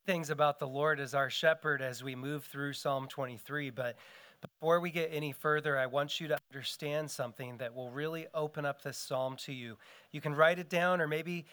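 A man's voice: fairly high pitch, pushed and bright. A middle-aged man preaching a sermon as pastor in an earnest style, his voice rising and falling for emphasis.

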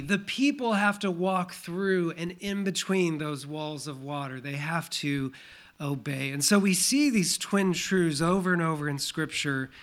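A middle-aged man preaches a Sunday sermon as pastor, reading verses aloud with strong emphasis. His voice sits fairly high and sounds bright and forward. He leans into key phrases and then drops back to an explaining tone. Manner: reads scripture aloud, emphatic.

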